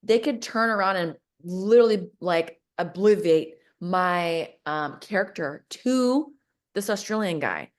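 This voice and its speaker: Animated woman telling a personal story. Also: on the low side, a little slow. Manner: animated, reenacts conversations, laughs often. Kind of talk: casual storytelling.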